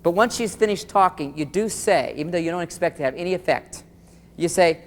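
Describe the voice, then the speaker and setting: A man giving a live relationship seminar, animated and talking straight to his audience, often acting out quoted dialogue. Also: a little high, brisk, long reverb tail, slight background noise.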